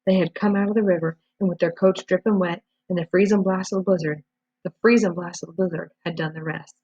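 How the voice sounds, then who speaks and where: A husky-voiced woman reads a novel aloud at a steady storytelling pace, with small slips and restarts. Her voice sits fairly low and she talks fast. The recording is dry, dull, and lo-fi.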